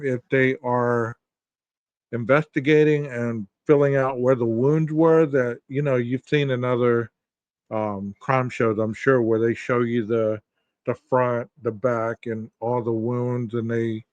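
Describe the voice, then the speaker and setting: A man of middle pitch co-hosts a casual true-crime chat and teases his co-hosts in a chatty way. His voice comes through slightly muffled and dry. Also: flat delivery, no echo. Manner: chatty, teasing, quick to laugh. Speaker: podcast co-host.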